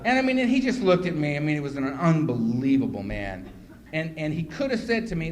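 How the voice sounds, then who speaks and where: Animated man telling his story. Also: a little high, fast talker. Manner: animated self-mocking storyteller who acts out scenes. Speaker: guest speaker at a recovery meeting. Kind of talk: personal testimony talk. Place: meeting room. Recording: noisy live room recording.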